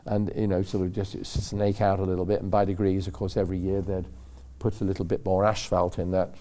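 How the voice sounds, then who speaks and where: A low, mellow voice with a level tone belongs to an older racing driver, a guest on a club talk show who talks briskly. He spins long, rambling stories, correcting himself as he goes and mimicking the people he quotes.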